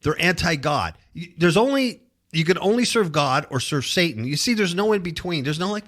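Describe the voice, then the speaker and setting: A man hosts a casual talk show, his pitch swinging widely as he jokes. His voice is bright, and he slips into mocking voices for a laugh. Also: moderate pace. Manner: animated, jokey, puts on mocking voices. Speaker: podcast host.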